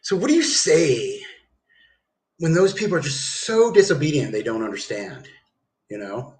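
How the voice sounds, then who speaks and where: Man, fairly high voice, livestream rant, rambling, heavy swearing, casual. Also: big pitch swings, moderate pace, a little mellow. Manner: rambling, profane, keeps saying dude.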